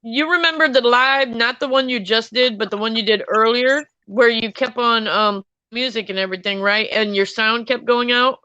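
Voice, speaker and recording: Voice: medium pitch, fairly even intonation, normal speed, few pauses, sharp tone, smooth, no echo, dull audio. A guest on a casual livestream chat, chatty and teasing, laughing easily.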